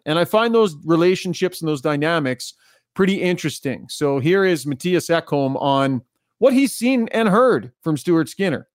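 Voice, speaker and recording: A man's voice: on the high side, dry recording, studio quality. A man hosting a sports radio show, setting up clips and tossing to his co-hosts in casual talk. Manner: leads the segment, sets up clips. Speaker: radio host.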